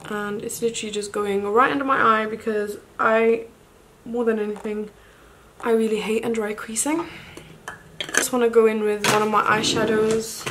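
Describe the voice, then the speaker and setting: A young woman talks to camera while doing her makeup, her voice sitting a little high. She gushes and gasps, dropping into breathy asides, with faint background noise. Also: poor audio. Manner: gushing and excitable, gasps and breathy exclamations. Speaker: beauty vlogger. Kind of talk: makeup tutorial, casual chat to camera.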